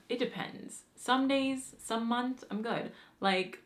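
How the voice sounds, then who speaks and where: A young adult woman vlogging about books in a chatty, animated way, with slang and the odd swear word. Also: a little high, slow. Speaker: book vlogger. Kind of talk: casual chat answering a book tag.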